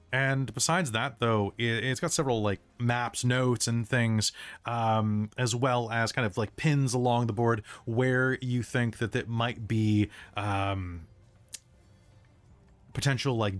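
A man's voice: medium pitch, steady tone, unhurried, no room sound. A man running a tabletop game as game master, narrating loosely with lots of fillers and restarts.

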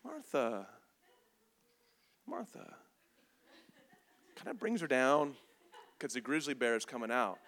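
Animated, bright-voiced male preacher. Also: medium pitch, fairly quick. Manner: animated, comedic, acts out scenes with voices. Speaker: pastor. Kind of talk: sermon.

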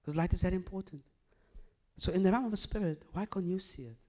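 A man preaching a sermon, swinging from loud emphatic bursts to hushed low lines and repeating phrases as he builds a point. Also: quick pace.

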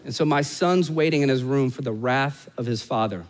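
A pastor in his forties preaches a sermon built around a family story, tossing joking asides to the congregation and swinging between loud, emphatic peaks and hushed, soft passages. His mid-range voice moves at a moderate pace, with a big-room sound.

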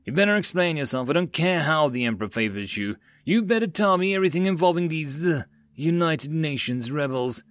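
Guy doing a raging general, yelling high and loud, dry sound. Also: expressive, brisk, dry recording. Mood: demanding. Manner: roaring, shouting orders. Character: furious imperial male general, blustering.

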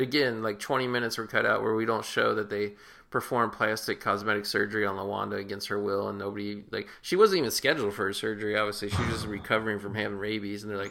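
Man, podcast co-host, gravelly, low, crude rambling film chat. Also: little pitch movement, fast, pushed and bright. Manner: rambling, crude, self-correcting. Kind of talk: casual film-review chat.

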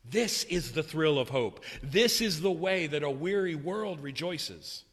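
A man preaching a sermon in a church, swinging between loud, raised cries and hushed, low passages. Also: expressive, unhurried, husky. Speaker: pastor. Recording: long hall reverb.

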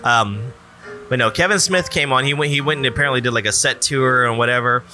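A man co-hosting a casual podcast about movies, animated and rambling, repeating himself and swearing freely. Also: mid-range voice, brisk, soft background music. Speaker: podcast co-host.

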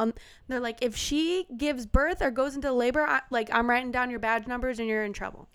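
A young woman in casual chat, telling a story with animated acted-out quotes. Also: high voice, moderate pace, clean tone.

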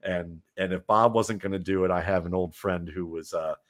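Low-voiced rambling man on a podcast. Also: steady tone, normal speed. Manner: talkative, rambling, many restarts. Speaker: podcast guest. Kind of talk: casual podcast conversation.

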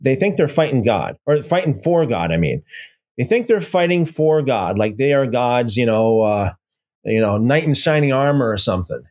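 A man's voice: mid-range voice, darkish tone. Man taunting an absent rival on stream. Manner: taunting, rambling, repeats himself. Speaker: livestream host. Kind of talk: casual livestream talk.

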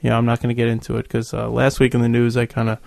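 Brief: male host, gravelly tone, dry close sound, relaxed joking delivery. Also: mid-range voice, rapid-fire, no echo. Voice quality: laid-back, jokey, trails off with fillers. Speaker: podcast host. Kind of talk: casual gaming chat.

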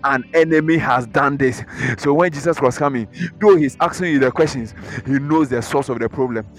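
A man with a Ghanaian English accent preaching a lively sermon in church, acting out the voices of troubled believers. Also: medium pitch, fairly quick. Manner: dramatic, acts out inner voices and congregants. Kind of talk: animated sermon.

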